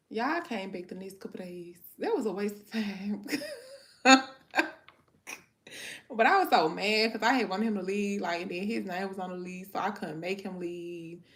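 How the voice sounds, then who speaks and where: Candid gravelly-voiced woman host. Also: medium pitch, fairly bright tone. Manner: candid and frank, slangy, laughs often while talking. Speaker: livestream host chatting with viewers; mother. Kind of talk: casual chat.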